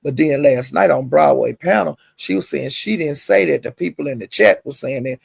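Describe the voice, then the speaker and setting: Gravelly, husky man spilling gossip. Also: a little high, moderate pace, no echo. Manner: chatty, calls listeners honey and child; animated retelling, mimics others' quotes. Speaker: vlogger. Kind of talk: gossipy storytelling.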